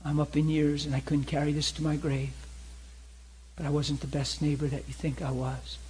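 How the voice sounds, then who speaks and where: Remorseful elderly man, halting confession, as a preacher puts him on, slightly high voice. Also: completely flat delivery, darkish tone, a little hiss or hum, close to an everyday voice.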